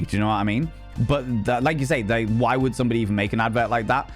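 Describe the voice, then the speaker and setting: A middle-aged man rants to his live-stream chat, swearing freely and restarting his sentences as he gets worked up. His voice sits at an ordinary middle pitch. Soft music plays quietly underneath. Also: steady tone, quick pace. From United Kingdom. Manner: heated, sweary, rambling with restarts. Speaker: livestreamer.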